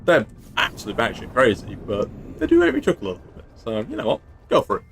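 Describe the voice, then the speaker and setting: Man from England, game streamer, lively up-and-down voice, playful, silly noises. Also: mid-range voice, fast talker, gravelly, a little hiss or hum. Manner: playful, chatty, makes silly sound effects. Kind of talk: casual gameplay commentary.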